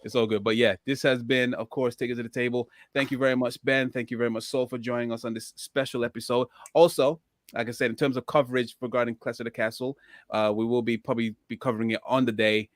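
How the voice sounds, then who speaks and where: A man's voice: mid-range voice, level tone, fast. A man hosting a wrestling podcast in a laid-back, chatty way, with a sore throat. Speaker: podcast host. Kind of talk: casual chat.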